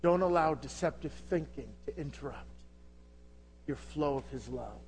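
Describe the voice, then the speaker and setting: A man preaching an impassioned sermon, asking rhetorical questions and swinging between loud and hushed delivery. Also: a little high, normal speed, a little hiss or hum. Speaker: pastor.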